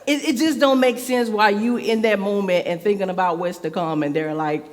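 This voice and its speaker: A woman's voice: medium pitch, fairly even intonation, a little fast, few pauses. A woman church elder giving a conversational sermon, peppering her talk with "like" and laughing often. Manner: chatty, fills speech with "like", laughs often. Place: church sanctuary. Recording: reverberant church hall.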